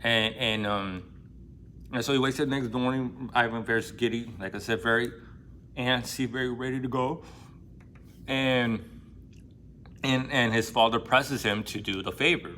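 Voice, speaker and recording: Brief: excitable, foul-mouthed man, mid-pitched, casual book talk, faint hiss behind. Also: a little slow, pauses often. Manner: profane, excitable, acts out quoted lines in a raised voice. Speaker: book vlogger. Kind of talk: casual book discussion, retelling a novel.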